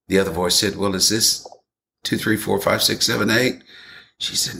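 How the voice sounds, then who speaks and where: A man delivers a sermon in an earnest, conversational way, addressing his congregation directly. His voice sits low but carries a bright, forceful edge. A faint noise runs under the recording. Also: moderate pace, creaky. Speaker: pastor.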